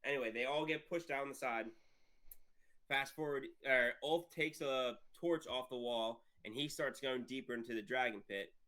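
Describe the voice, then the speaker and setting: A man's voice: mid-range voice, normal speed, sharp tone. A man co-hosting a podcast in casual chat, recapping scenes step by step and acting out lines. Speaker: podcast co-host.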